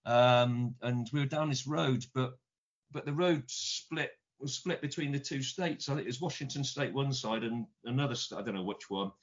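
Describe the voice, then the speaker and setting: A man's voice: mid-range voice, normal speed. A middle-aged man with a British accent, winding through stories in easygoing conversation, stumbling over repeated words. The recording is dull and lo-fi, with a muffled top end. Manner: rambling, repeats words, mild swearing. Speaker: guest. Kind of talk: casual anecdote telling.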